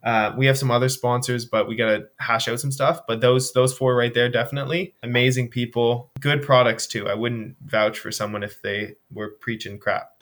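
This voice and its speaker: A man's voice: mid-range voice, moderate pace, few pauses. A young man from Nova Scotia, a charity runner, telling stories animatedly with lots of fillers in a casual interview over a video call. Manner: animated storytelling, frequent fillers. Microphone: remote video call.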